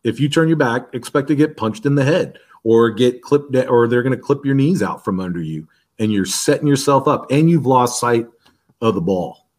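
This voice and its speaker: Football line coach, man, middle pitch, casual talk, step-by-step explainer with frequent restarts. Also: expressive, normal speed, darkish tone. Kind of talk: casual podcast chat.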